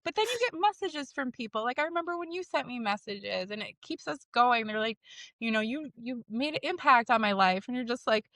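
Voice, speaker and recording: A woman's voice: fairly high pitch, lively intonation, fairly quick, a bit bright, no echo, studio quality. A young woman who is a guest on a podcast, chatting in a bubbly, giggly, rambling way with many fillers. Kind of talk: casual interview chat.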